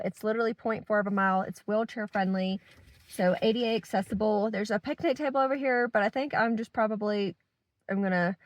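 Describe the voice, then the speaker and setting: A woman's voice: mid-range voice, dry recording. A young woman narrating her hiking vlog outdoors on a mountain trail, chatting upbeat to viewers and her dog. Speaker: vlogger.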